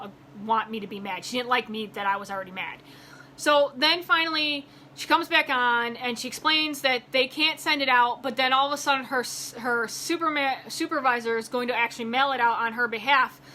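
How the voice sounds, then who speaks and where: High bright-voiced woman venting. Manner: animated, acts out both sides of a phone call; exasperated, voice rises when heated. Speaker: vlogger. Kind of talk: casual storytelling rant.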